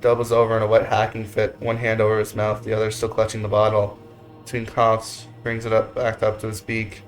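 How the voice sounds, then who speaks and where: A man hosting a let's play, reading the narration of a visual novel aloud in a steady voice. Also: lowish voice, fairly quick, faint music behind. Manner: steady narration with goofy joking asides.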